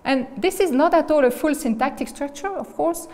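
A woman's voice: high voice, normal speed, a little mellow. A woman giving an academic lecture as guest speaker. She explains step by step and often checks in with "okay?" and "right?". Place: lecture hall. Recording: reverberant lecture hall.

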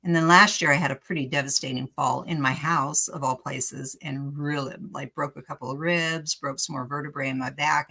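Middle-aged woman crafting and rambling on, gravelly husky voice, a bit low. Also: bright, forceful tone. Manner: chatty, rambling storyteller who laughs often. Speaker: crafting channel host. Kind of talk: casual chat while crafting.

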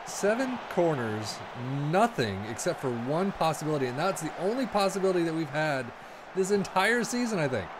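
A young man talks through a football management match, his voice bouncing between low muttered asides and sudden high yelps. He sits a little high in pitch, with a lively, swooping delivery. A steady hiss runs under the home recording. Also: moderate pace. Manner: excitable, swings from mumbling asides to sudden yelps. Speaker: gaming video creator. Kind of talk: casual gameplay commentary.

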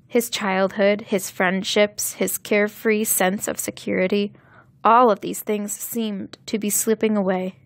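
Woman narrator reading a novel aloud with slow, careful diction, in a dry, close sound. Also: medium pitch, dry recording. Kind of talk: scripted audiobook narration.

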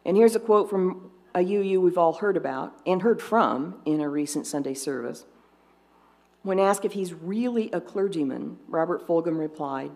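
Low-voiced woman telling church jokes. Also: creaky, a little mellow. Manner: dry, unhurried joke-telling with restarts. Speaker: lay presenter. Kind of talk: sermon with jokes. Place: congregation fellowship service.

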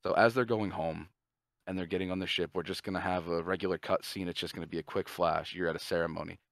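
A man co-hosting a podcast, casually pitching a movie plot in a rambling, profane way and briefly voicing the characters. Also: steady tone, vocal fry, fairly bright tone, no room sound. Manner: profane, rambling, acts out characters' lines in quick asides. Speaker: podcast co-host.

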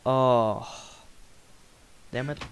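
A man's voice: mid-range voice, fairly even intonation, extremely slow, smooth, rough recording. A man doing a put-on Russian accent while casually commentating a video game, playful and jokey. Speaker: gamer.

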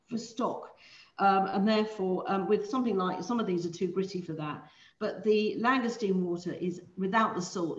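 A woman's voice: mid-range voice, roomy sound, dull audio. A woman presenting an online seafood masterclass, explaining preparation in a chatty way with frequent ums and self-corrections over a video call. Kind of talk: live online cooking demonstration.

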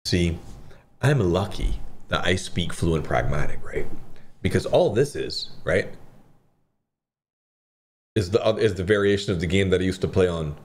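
A man's voice: sits low, expressive, a little slow, long pauses, slight background noise. A man streaming slot games, who keeps up profane, joking commentary and talks back to the games as he plays. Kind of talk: casual gambling commentary.

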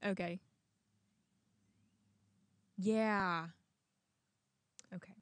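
A woman's voice: mid-range voice, fairly even intonation, drawn-out words, dry recording. A young woman hosting a prank-call show, chatting in a rambling, self-questioning way. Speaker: host. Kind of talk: casual chat.

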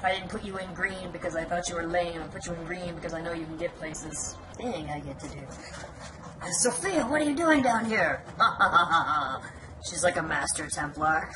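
A woman's voice: lowish voice, measured pace. A young woman giving casual, teasing commentary while playing a video game, laughing often. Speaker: gameplay commentator. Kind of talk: let's play commentary. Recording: home recording with clear background noise.

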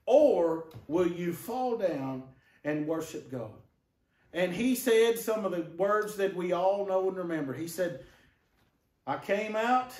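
High-voiced preacher in an echoing church. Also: male voice, lively intonation, unhurried, a little mellow, recorded from a distance. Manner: rhetorical questions to the congregation. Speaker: pastor. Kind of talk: sermon. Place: church sanctuary.

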